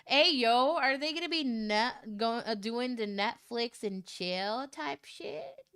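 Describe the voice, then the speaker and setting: A woman streamer reading out a viewer's love story in a casual way, breaking into loud, shocked reactions and swearing. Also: on the high side, slow pace, clean tone.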